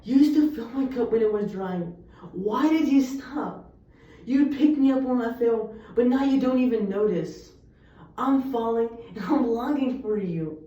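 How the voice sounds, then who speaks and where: A young woman recites a set of poems in an earnest, emphatic way. Her voice sits fairly high and sounds mellow. The recording is muffled and distant, with a lot of room echo. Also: a little slow. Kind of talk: poetry recitation.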